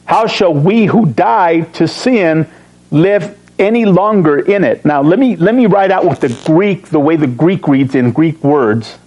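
A man's voice: fairly high pitch, expressive, a little mellow, muffled recording. Emphatic man teaching Bible study. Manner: emphatic, slows to read verses, joking asides.

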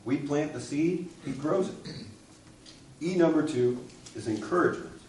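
A man's voice: on the high side, normal speed, a little mellow, a little hiss or hum. A man preaching a sermon, telling a story and asking the congregation questions. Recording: echoey room, distant mic.

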